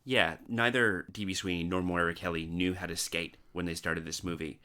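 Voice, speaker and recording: Casual movie podcast guy, real low voice but bright edge, chill explainer vibe. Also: fairly even intonation, normal speed. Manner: explanatory, dry asides. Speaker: podcast host. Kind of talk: casual movie-review chat.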